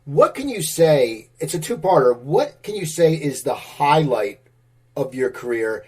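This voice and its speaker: A man's voice: on the high side, big pitch swings, unhurried, darkish tone, breathy edge. A man hosting a podcast, asking questions with stumbling repetitions. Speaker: podcast host. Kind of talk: interview questions.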